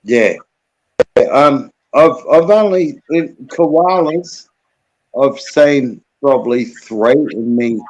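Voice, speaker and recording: A man's voice: medium pitch, expressive, slow pace, darkish tone, low-quality recording. An Australian man in his late forties hosting a casual stream chat, laid-back and swearing freely. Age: 40s. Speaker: host of a live music stream.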